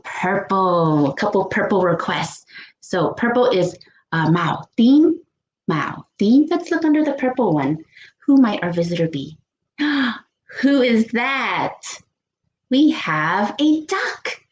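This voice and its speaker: A woman children's librarian leading a bilingual storytime, slow and playful, with gasps and animal sounds. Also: mid-range voice, darkish tone, echoey room, low-quality recording.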